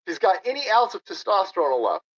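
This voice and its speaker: A man's voice: high-pitched, big pitch swings, quick pace, fairly bright tone. Sarcastic, combative male stream host. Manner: sarcastic, combative, reads chat aloud. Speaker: political livestream host. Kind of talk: ranting livestream commentary. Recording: dull lo-fi stream audio.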